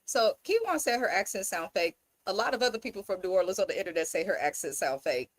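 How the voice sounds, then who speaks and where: A woman's voice: mid-range voice, expressive, fast talker. A woman from the Bay Area, hosting a casual reality TV recap in a blunt, exasperated way. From Bay Area, California. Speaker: host.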